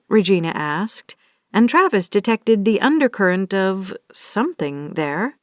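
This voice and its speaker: Woman narrator, audiobook reading, middle pitch, dry studio sound. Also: big pitch swings, measured pace, no room sound. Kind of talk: scripted narration.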